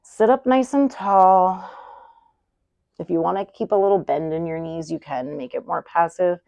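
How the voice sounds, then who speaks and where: A woman yoga instructor giving calm, unhurried cues for poses and breathing. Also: lowish voice, vocal fry, no echo, muffled recording. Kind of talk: guided yoga class instruction.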